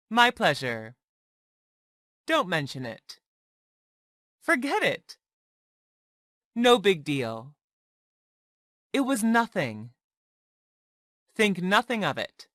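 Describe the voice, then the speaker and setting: A woman reading short English practice phrases for learners, one at a time, in a slow and deliberate drill. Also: lowish voice, a bit bright, no echo, clean studio sound. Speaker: English teacher.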